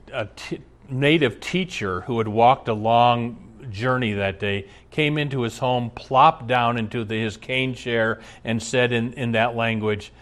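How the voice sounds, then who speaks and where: A male pastor preaches a sermon through storytelling, speaking emphatically and laughing frequently. His voice is medium-pitched with a fairly bright tone.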